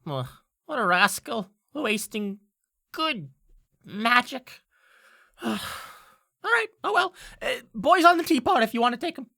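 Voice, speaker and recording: Woman playing a scheming witch trader, smug, theatrical, raised pitch, bright tone, tabletop role-play. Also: big pitch swings, measured pace, long pauses, heavily acted. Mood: exasperated.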